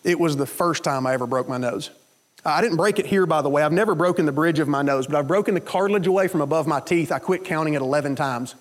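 A man preaching a sermon, telling stories in an animated way and acting out the voices of the people in them. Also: fairly high pitch, fast talker. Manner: animated storytelling with quoted voices. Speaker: pastor.

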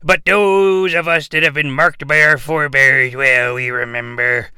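An actor playing a rambling, boastful old wrestling patriarch on a comedy podcast, halting and full of fillers. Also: male voice, fairly high pitch, steady tone, bright, forceful tone, clean tone, no echo, clean studio sound. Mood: musing. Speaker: comic character on a podcast.

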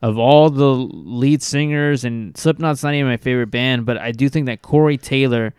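A man with a smooth, clear voice of middle pitch, talking about music with enthusiasm. He often stops and restarts his phrases. The recording is dry. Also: moderate pace, darkish tone, no echo. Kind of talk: casual music discussion.

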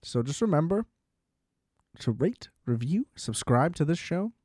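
A man's voice: a little high, big pitch swings, measured pace, dark tone, husky, no echo, clean studio sound. A young man hosting a solo podcast, ranting in a casual, profane, exasperated way and leaning on filler words. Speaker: podcast host.

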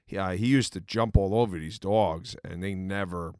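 Low-voiced man telling family stories. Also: normal speed, a little mellow, no echo, studio quality. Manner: earnest, storytelling, many fillers. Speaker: podcast co-host. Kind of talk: casual chat.

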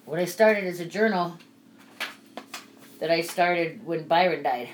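A woman's voice: on the low side, animated, unhurried, a little hiss or hum, poor audio. A woman who talks bluntly and swears freely on a candid podcast, at times reading aloud from a personal grief journal. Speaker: podcast guest.

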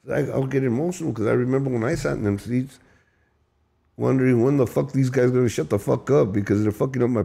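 A man's voice: mid-range voice, vocal fry, mellow. A man telling his recovery story in an emphatic, profane, emotional way, often repeating and restarting his words. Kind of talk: candid storytelling.

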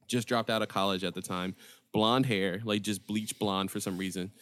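A man in casual chat, telling lively stories with laughter and acted-out quotes. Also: on the low side, moderate pace. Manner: animated, laughing, acts out quotes. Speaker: podcast co-host, former game store worker.

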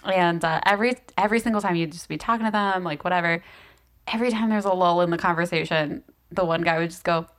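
A woman's voice: fairly low pitch, fast talker. A woman with a faded Southern US accent, chatting casually as a podcast co-host and laughing often as she tells stories. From American South. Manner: laughs often, animated storytelling. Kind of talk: casual chat.

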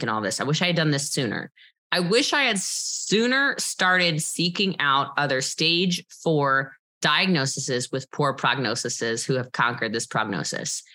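Emphatic woman with a lowish voice. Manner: emphatic and animated, with frequent rhetorical "okay?" asides. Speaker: interview guest. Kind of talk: candid personal storytelling.

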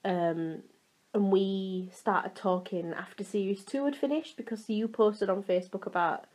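A young woman with a Yorkshire accent, co-hosting a podcast in casual chat, teasing and talkative and quick to cut in. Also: medium pitch, darkish tone. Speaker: podcast co-host.

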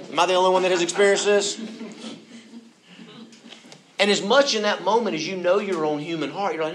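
A man preaching a conversational sermon, acting out quoted voices and swinging between soft and loud. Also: high voice, a little fast, pauses often. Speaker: pastor.

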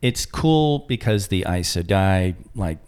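A man's voice: sits low, animated, slow pace, a little mellow, clean tone. A man chatting casually about a fantasy series, rambling with many restarts and asides. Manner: rambling, full of restarts and fillers. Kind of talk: casual chat.

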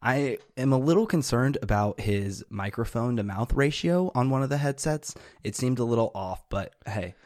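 A young man in his student years, co-hosting a podcast in casual chat with a dry, low-key delivery. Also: lively intonation, normal speed, few pauses, a little mellow, no echo. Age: young adult. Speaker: podcast co-host.

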